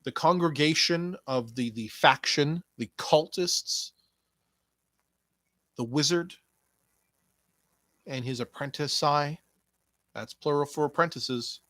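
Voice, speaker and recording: A young man hosts his wrestling podcast in a rambling, sarcastic way, swearing freely and mocking a wrestler to his face. He talks slowly, and the sound is dry and close. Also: a little high, pushed and bright, dry recording. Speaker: podcast host. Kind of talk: casual wrestling commentary podcast.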